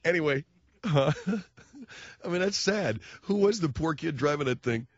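A man's voice: on the high side, expressive, measured pace, no room sound, muffled recording. A man hosting a radio talk show, riffing in a wisecracking monologue and acting out little voices.

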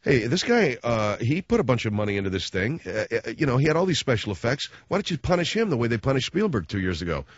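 A man riffs in a sarcastic, mocking comic rant, jumping from loud outbursts to low grumbling asides. His voice comes through dry and close, with a slightly dull, muffled sound. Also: no echo.

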